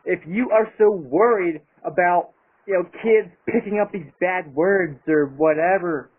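Husky and high-pitched, this man talks a little slowly as he delivers a profanity-filled vlog rant about his channel. He's a YouTuber, clearly angry and emphatic, and the audio sounds thin like a phone.

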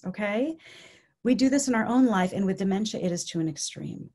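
A woman's voice: medium pitch, brisk, husky. A woman giving an educational talk on dementia care in a casual way, often checking in with "okay?" and acting out quoted speech. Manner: acts out quoted speech in lively voices. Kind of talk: educational presentation.

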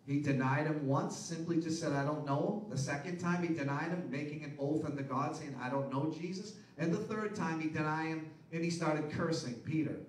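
Man, pastor, preaching sermon, high voice, rhetorical questions, echoey room, distant mic. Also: moderate pace, hardly any pauses. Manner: preaching with rhetorical questions, rising to loud emphatic peaks.

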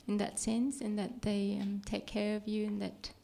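A middle-aged woman, the speaker's mother, joining the talk and explaining slowly and hesitantly while she searches for words. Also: medium pitch, completely flat delivery, gravelly, dark tone.

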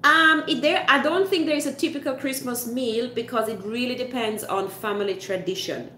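A woman's voice: fairly high pitch, moderate pace, pushed and bright, a little hiss or hum. Chatty Swiss woman livestreaming in a roomy space. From Switzerland. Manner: chatty, explains with many fillers and restarts. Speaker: livestream host reading chat. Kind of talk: casual live chat.

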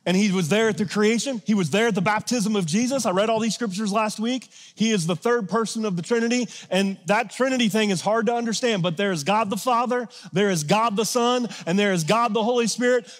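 A man with a notably high speaking voice delivers a sermon in a lively, conversational way, dropping to quiet asides and then surging into emphatic, shouted lines. The sound carries a long reverb from a large church sanctuary. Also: fairly quick, few pauses. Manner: energetic, conversational preaching with sudden loud peaks. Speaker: pastor.

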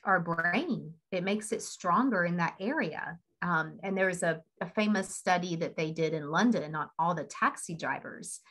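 A woman's voice: on the low side, normal speed, hardly any pauses, fairly bright tone, poor audio. A woman speaking on a team video call, telling a story in a chatty way and laughing often. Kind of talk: casual motivational talk.

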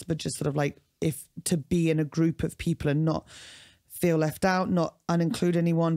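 A woman co-hosting a podcast in casual chat, talking fast in sweary tangents, her throat still sore. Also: lowish voice, a little mellow. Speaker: podcast co-host.

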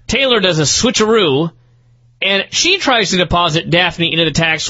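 A man's voice: high-pitched, lively intonation, moderate pace, pushed and bright, no room sound, lo-fi sound. A man co-hosting a wrestling review podcast, sarcastic and profane, working himself up into incredulous rants. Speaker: podcast co-host. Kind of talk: casual wrestling review chat.

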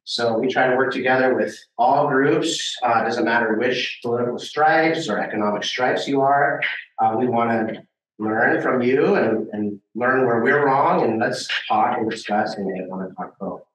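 A man's voice: medium pitch, normal speed, a bit bright. A man from Hawaii giving a casual, hesitant slide talk for a think tank at a meeting. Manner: casual, hesitant with many fillers. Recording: roomy and distant from the mic.

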